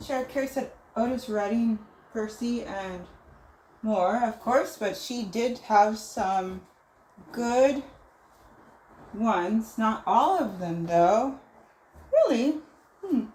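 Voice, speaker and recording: A woman hosts a relaxed livestream, reading her viewers' messages aloud and pausing to think them over. Her voice sits a little high and she takes her time. The sound carries a noticeable room echo. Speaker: livestream host. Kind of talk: casual livestream chat. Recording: roomy echo.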